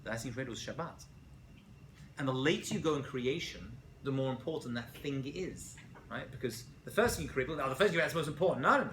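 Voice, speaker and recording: Man, rabbi lecturing a class, bright tense voice, animated, faint room hum. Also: mid-range voice, fast. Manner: animated, asks students questions, frequent "right?".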